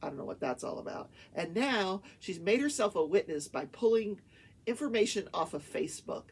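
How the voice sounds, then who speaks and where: A woman's voice: mid-range voice, expressive, fairly quick, darkish tone, husky. An older woman hosting a talk show, chattily retelling courtroom testimony in casual storytelling with her own asides. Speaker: talk show host and retired attorney. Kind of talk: casual storytelling recap of a trial.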